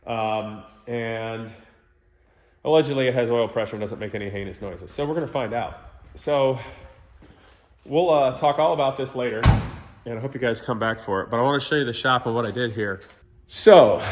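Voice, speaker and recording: A man hosting his own car channel, talking candidly and rambling to viewers while walking through his shop. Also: lowish voice. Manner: candid, rambling, talks to viewers as "you guys". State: sick. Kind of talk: casual vlog walkthrough.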